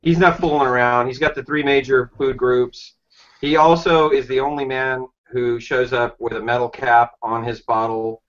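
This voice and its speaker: A man's voice: medium pitch, fairly even intonation, moderate pace, a bit bright. A man co-hosting a web show with playful, teasing banter over a video call. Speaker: co-host. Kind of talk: joking banter. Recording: dull video-call audio.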